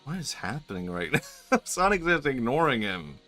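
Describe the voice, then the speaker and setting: A man's voice: medium pitch, big pitch swings, normal speed, pushed and bright. A man streaming a video game, chatting casually, laughing often, rambling and swearing. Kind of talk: casual gameplay commentary. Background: game music.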